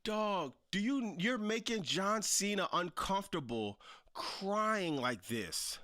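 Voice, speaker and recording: A man with a high, very bright and cutting voice gives live-stream reaction commentary on wrestling. He mocks loudly, repeats phrases for comic effect and breaks into sudden shouts. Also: big pitch swings, slow pace. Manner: loud, mocking, bursts into shouts.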